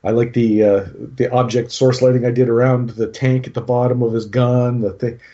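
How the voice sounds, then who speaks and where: A man talks casually with a warm, mellow tone, circling back and restarting his sentences as he explains his picks. The recording is dull and slightly muffled. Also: mid-range voice, flat delivery, moderate pace. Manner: rambling, lots of restarts and fillers. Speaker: podcast co-host talking through his game army. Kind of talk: casual chat.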